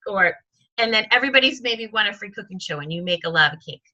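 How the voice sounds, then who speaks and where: A woman's voice: medium pitch, expressive, fast, bright, forceful tone. Chatty woman coaching her sales team. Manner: chatty, lots of ums, acts out sample conversations. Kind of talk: casual training talk. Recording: dull lo-fi recording.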